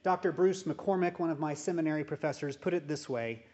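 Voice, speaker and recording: A man preaching a sermon as a pastor, in a measured, deliberate way with emphatic pauses. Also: a little high, a little mellow. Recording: dull, muffled sound.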